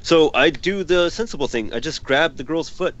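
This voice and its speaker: A man's voice: a little high, expressive, moderate pace, a bit bright, dull audio. A young man casually telling a story as a podcast co-host, exasperated and swearing freely.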